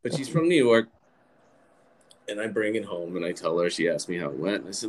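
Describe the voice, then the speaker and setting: A man's voice: low-pitched, expressive, fairly quick, slight background noise, low-quality recording. A man telling a story as a guest on a casual talk show, rambling animatedly with many restarts.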